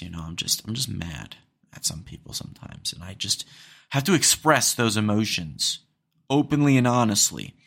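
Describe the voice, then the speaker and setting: Man, podcast host, solo rant, exasperated, rambling, lowish pitch, bright tense tone. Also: gravelly. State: hiccups.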